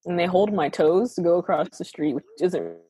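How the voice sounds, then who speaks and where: A woman's voice: on the low side, expressive, a little fast, dark tone, slightly rough, no echo, faint music behind, rough recording. Giggly young woman podcast co-host. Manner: giggly, laughs often while talking. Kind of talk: casual chat.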